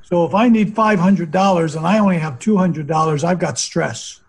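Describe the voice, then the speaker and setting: Gravelly older man, philosophical rambler. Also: sits high, normal speed, poor audio. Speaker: hypnotherapist guest. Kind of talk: casual conversation.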